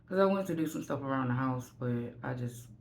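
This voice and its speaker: A woman's voice: rumbling low, expressive, fairly quick, vocal fry, a little hiss or hum. A woman vlogger telling a candid, rambling story from home while getting ready. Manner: candid, rambling, self-deprecating.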